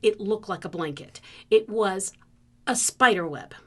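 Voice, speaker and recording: A woman from the Philippines, a podcast host, telling a personal story in an animated way and acting out the scenes. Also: mid-range voice, a little slow. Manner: vivid storyteller who acts out the scenes.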